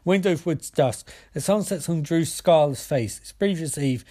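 A man's voice: a little high, moderate pace, mellow, no room sound, studio quality. A man reading a screenplay aloud, reading the stage directions, with frequent slips. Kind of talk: screenplay read-through.

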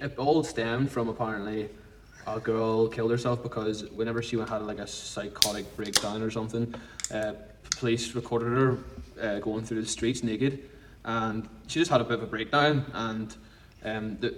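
A man's voice: lowish voice, little pitch movement, normal speed, distant mic, poor audio. A man co-hosting a podcast in casual chat, blunt and sweary as he rambles through stories. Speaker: podcast co-host.

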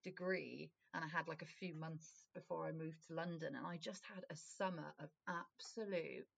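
A woman's voice: low voice, steady tone, normal speed, gravelly, husky, dry recording. A young woman in her twenties from Wales, chatting on a podcast, laughing often and swearing casually. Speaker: podcast co-host.

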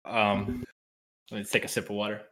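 A man's voice: lowish voice, monotone, moderate pace, sharp tone. A man in casual comedic banter, giggling as he hands out silly impression prompts.

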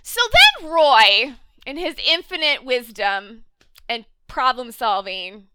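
High, lively, bright-voiced woman. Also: slow pace, clean tone, no room sound. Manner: animated, sarcastic, acts out characters in quotes. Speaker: podcast co-host. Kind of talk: casual TV recap chat.

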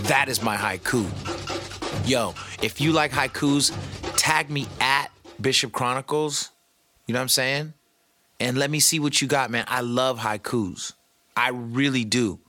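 A man hosting a podcast in a casual, animated way, giving life advice, joking with his producer and using slang. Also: medium pitch, a little slow, over music. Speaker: podcast host. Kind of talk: casual motivational talk.

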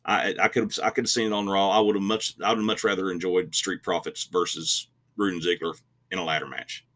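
A podcast co-host talks wrestling in a relaxed chat, his very low voice still bright and forceful. He's opinionated, rambles and restarts sentences, and keeps a steady tone at a quick pace.

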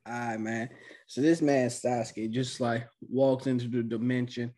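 A young man co-hosting a casual anime recap, playful, putting on high voices for the characters. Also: steady tone, unhurried, warm tone. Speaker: anime recap podcast co-host.

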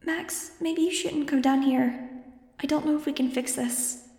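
A woman voicing a frightened young girl who calls out telepathically in a soft, trembling voice. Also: high voice, steady tone, unhurried, reverberant, in a large hall, pitched above the performer's own voice.

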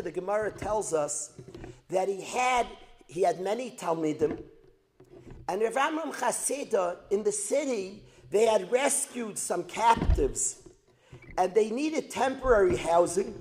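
A man teaching a religious lesson as a dramatic story, repeating phrases for emphasis and building to loud outbursts. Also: high voice, slight background noise. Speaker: Torah teacher. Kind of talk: storytelling lecture.

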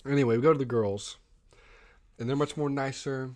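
A man's voice: medium pitch, steady tone, fairly quick, a little mellow. A man telling a rambling holiday story in casual chat, with lots of "um" and "like.". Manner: rambling storytelling with many fillers.

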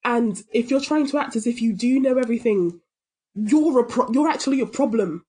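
A woman's voice: on the high side, a little fast, warm tone, breathy edge. A British woman co-hosting a podcast, talking in an emphatic, ranting way with the odd swear. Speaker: podcast co-host. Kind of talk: casual chat.

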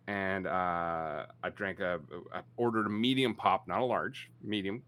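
A man's voice: deep voice, steady tone, measured pace, fairly bright tone, smooth. A man in his forties, co-hosting a podcast in casual chat, rambling and self-mocking. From Canada. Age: 40s. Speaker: podcast co-host.

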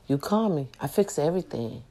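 A woman's voice: animated, a little fast. A woman voicing a friendly, eager Latino handyman who talks in short, broken English phrases. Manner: quieter and lower than her own voice.

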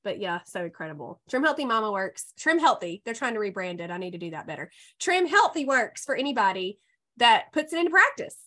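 A woman hosting a casual podcast chat, effusive and quick to laugh. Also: medium pitch, sing-song. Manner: warm, effusive, laughs often. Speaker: podcast host and health coach.

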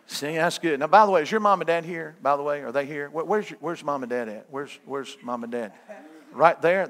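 A man's voice: on the high side, a bit bright. A middle-aged man preaching a sermon as a guest evangelist, folksy and joking with his listeners.

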